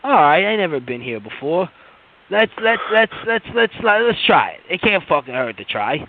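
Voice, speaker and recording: A man's voice: sits high, very animated, normal speed, vocal fry. A man telling a long, profane, rambling story on a podcast, full of fillers and restarts. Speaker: podcast co-host. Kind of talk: casual storytelling rant. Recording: tinny phone-like line.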